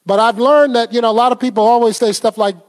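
A man's voice: very high-pitched, steady tone, fast, long reverb tail. A man preaching a sermon in a conversational way, quizzing the congregation and laughing often. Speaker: pastor.

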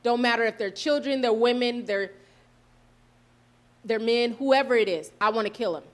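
A woman voicing an angry young man who wants to harm others, quick and blunt. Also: fairly high pitch, lightly acted.

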